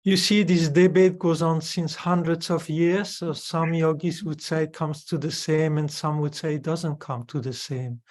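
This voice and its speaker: Measured male Buddhist teacher. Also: a little high, steady tone, a little mellow. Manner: measured and explanatory, with tag questions. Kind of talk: dharma teaching, answering questions.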